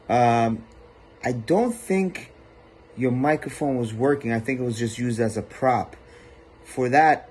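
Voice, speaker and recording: A man giving feedback as a talent show judge, relaxed and full of fillers. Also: mid-range voice, slight background noise. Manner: relaxed, filler-heavy critique.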